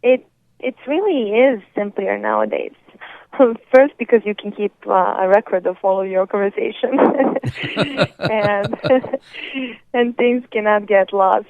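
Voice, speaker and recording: A woman's voice: mid-range voice, sing-song, slow pace, dry recording. A woman guest on a radio show, speaking as a dating expert, with nervous giggles and many ums. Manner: giggly, with frequent ums and laughs. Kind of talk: phone-in interview. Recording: tinny, dry phone line.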